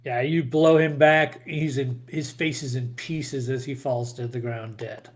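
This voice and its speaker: A man's voice: medium pitch, fairly even intonation, unhurried. A man narrating as game master in a casual tabletop game session, describing gory combat lightly and laughing often.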